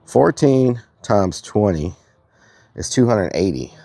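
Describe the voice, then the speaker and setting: A man's voice: fairly low pitch, expressive, takes it slowly, gravelly, mellow, no room sound. A man hosting a live stream outdoors, chatting casually and muttering sums to himself as he works things out. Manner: mutters to himself while working out sums aloud. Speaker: livestream host.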